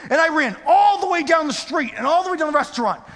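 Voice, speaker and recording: A male preacher with a high, bright voice delivers a storytelling sermon. He drops into quiet asides and then climbs back up to near-shouting. The sound carries the long echo of a large church hall. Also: animated, fast talker.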